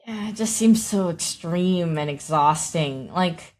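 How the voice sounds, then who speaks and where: A woman's voice: fairly low pitch, takes it slowly, darkish tone. A young woman co-hosting a podcast, speaking thoughtfully and hesitantly, often restarting her sentences. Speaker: podcast co-host, content creator. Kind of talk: casual podcast chat.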